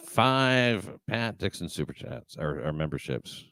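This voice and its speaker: A man's voice: low-pitched, very animated, measured pace, creaky, fairly bright tone, no echo. A man hosting a livestream, chatting casually and reading viewer comments, rambling and swearing with many fillers and restarts. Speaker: show host reading live chat.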